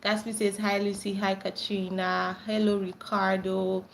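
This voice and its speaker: A young Nigerian woman hosting a casual livestream, reading chat comments aloud and breaking into excited squeals when friends join. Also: measured pace, gravelly, a little hiss or hum. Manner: bubbly, bursts into high squeals greeting friends.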